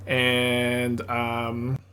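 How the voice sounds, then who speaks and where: A man with a Texas accent streaming an online card game, thinking aloud in rambling, excitable casual commentary into a desk mic. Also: mid-range voice, extremely slow, a little hiss or hum.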